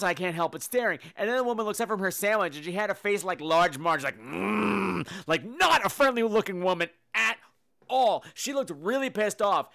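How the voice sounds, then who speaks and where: A man hosting a podcast, telling comedic stories in a campy, animated way with sudden loud exclamations. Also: high-pitched. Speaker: podcast host. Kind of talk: casual comedic monologue.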